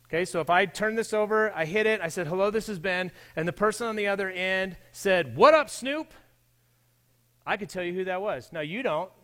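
A man's voice: high-pitched, fairly even intonation, fast, few pauses, fairly bright tone. A man preaching a sermon in a church, talking in a conversational way and addressing his listeners directly. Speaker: pastor.

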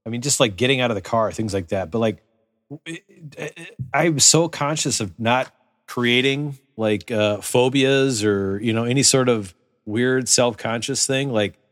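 A man's voice: mid-range voice, a little slow, a bit bright, dry recording, clean studio sound, long reverb tail. A man co-hosting a casual podcast chat, thinking aloud in a rambling, hesitant way. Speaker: podcast co-host.

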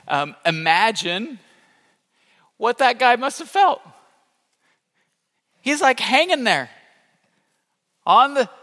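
A male pastor gives a sermon in a very high, bright voice, acting out the people in the story as he goes. His pitch swings widely while he tells it. The sound carries a long reverb from a large hall.

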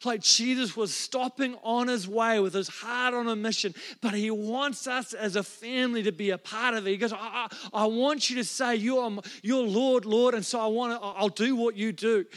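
A man's voice: very high voice, steady tone, moderate pace, few pauses, fairly bright tone. A man preaching a sermon as a pastor, telling a personal story in an earnest, emotional way with frequent restarts. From New Zealand. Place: church.

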